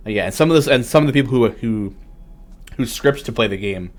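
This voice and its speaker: A man's voice: mid-range voice, fairly quick, faint music behind. A man hosting a casual livestream, chatting loosely with lots of fillers and reading out viewer questions. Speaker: stream host.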